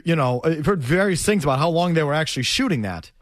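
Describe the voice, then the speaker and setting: Emphatic, animated man arguing a point. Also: on the high side, quick pace, no room sound, clean studio sound. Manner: emphatic, repetitive, argumentative. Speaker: sports talk host. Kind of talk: opinionated sports talk.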